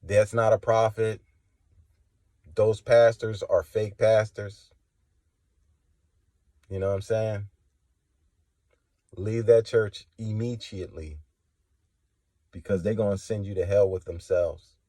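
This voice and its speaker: A man's voice: fairly even intonation, measured pace, pauses often, no echo. Preachy, confrontational man speaking close and dry. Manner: preachy, confrontational, swings from low and quiet to loud and high. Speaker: religious testimony vlogger. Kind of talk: impassioned spoken testimony.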